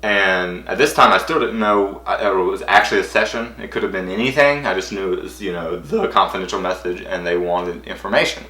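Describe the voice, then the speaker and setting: A young man vlogging, telling a story in an excited, rambling way, full of "like" and acted-out quotes. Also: fairly quick, few pauses, roomy sound. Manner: breathless, rambling, acts out quotes in high squeals.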